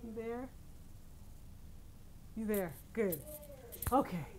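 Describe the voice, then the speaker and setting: A woman's voice: a little high, lively intonation, extremely slow, warm tone. A woman in her forties from New York hosts a casual livestream from her phone at home, chatting, laughing often and greeting viewers by name. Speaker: livestream host.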